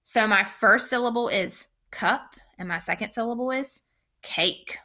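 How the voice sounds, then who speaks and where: In a recorded phonics lesson aimed at young children, a female teacher speaks at a slow, patient pace and articulates clearly and carefully. Her tone is bright and forceful, pitched a little high.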